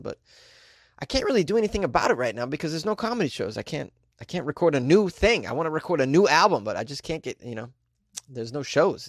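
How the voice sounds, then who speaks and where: A man's voice: mid-range voice, no room sound, clean studio sound. A man hosting a comedy podcast in a casual, jokey monologue, a bit tipsy, reading listener mail aloud.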